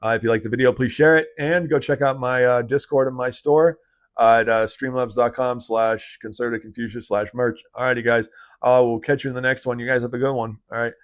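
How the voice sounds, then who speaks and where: A man hosting a commentary vlog in a voice of middling pitch. He rants with energy, piles on fillers and restarts, and rushes through his sign-off. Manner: animated ranting, heavy fillers. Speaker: channel host.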